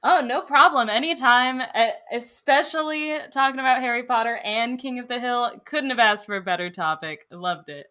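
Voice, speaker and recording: A woman's voice: on the high side, moderate pace, hardly any pauses, pushed and bright. A woman guest on a podcast in casual chat, giggly and enthusiastic.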